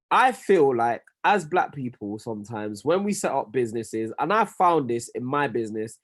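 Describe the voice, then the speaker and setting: A man with a Nigerian-tinged London accent, a podcast co-host and business owner, reflecting in a casual group chat. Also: a little high.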